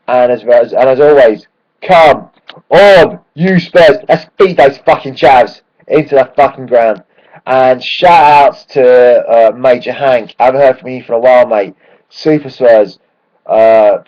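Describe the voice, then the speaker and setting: A croaky-voiced man rants casually about his football team for a home vlog, getting excitable and swearing freely as he talks. His voice sits at a middling pitch. The recording is dull and lo-fi. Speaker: football fan vlogger. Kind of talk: casual fan rant to camera.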